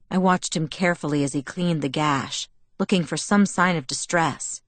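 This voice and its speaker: A woman narrating a novel in the first person with a steady, even storytelling delivery. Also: deep voice, normal speed, dry recording. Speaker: audiobook narrator.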